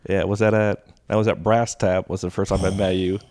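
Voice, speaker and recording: A young adult man, a stand-up comedian, telling stories in a casual podcast chat, animated and laughing as he acts out quoted voices. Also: sits low, a little fast. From Texas.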